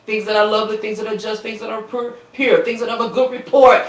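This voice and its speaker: A woman delivering an impassioned, preaching-style appeal on a live stream, repeating phrases and quoting scripture, swelling into shouts and dropping soft, recorded on a phone. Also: on the high side, level tone, fast talker. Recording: roomy, distant, dull phone recording.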